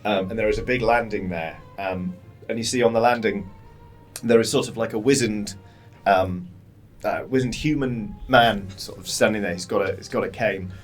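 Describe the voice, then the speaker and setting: A man's voice: on the low side, normal speed, faint music behind. A man narrating as game master of a tabletop game, rambling with many fillers.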